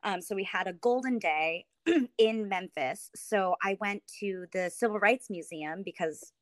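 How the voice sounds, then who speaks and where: A woman in her thirties, a podcast guest, telling a story in casual chat and acting out quotes with big jumps in pitch. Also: a little slow, no room sound. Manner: many fillers and restarts.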